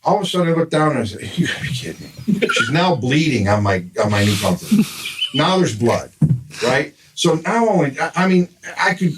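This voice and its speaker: Older man, grandfather, animated exasperated storyteller, podcast guest, slightly distant mic, faint hiss. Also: on the high side, brisk. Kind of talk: casual storytelling.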